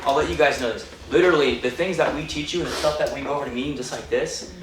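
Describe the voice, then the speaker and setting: Young male sales trainer, 20s, rapid-fire coaching delivery, distant mic, noisy boomy room. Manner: fast, punchy, coaching the team. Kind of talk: live sales training talk. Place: meeting room with team. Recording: echoey room, mic far off, background noise.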